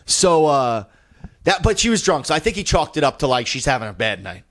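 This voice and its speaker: A man's voice: on the high side, brisk. A young man co-hosting a comedy podcast, telling a story in casual chat and acting out the people in it, with plenty of swearing. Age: young adult. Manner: animated storyteller, acts out quoted people, swears a lot. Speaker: podcast co-host.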